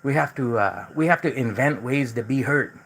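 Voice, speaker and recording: A man's voice: mid-range voice, normal speed, creaky, a bit bright, slight background noise, low-quality recording. A man hosting a casual livestream, talking in a loose, rambling way that is full of repeated words and restarts. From United States. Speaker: livestream host.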